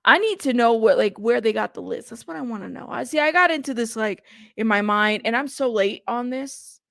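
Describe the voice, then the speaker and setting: Chatty woman live-streamer with gravelly fry. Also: a little high, expressive, a little fast, no echo, clean studio sound. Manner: chatty, reads viewer chat aloud and gives shout-outs; playful, teasing. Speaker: livestream host. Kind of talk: casual live-stream commentary.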